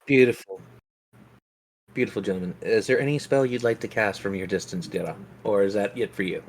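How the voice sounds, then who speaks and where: A man's voice: fairly low pitch, brisk. A man running a tabletop role-playing game as game master, narrating scenes and explaining rules in an easygoing way.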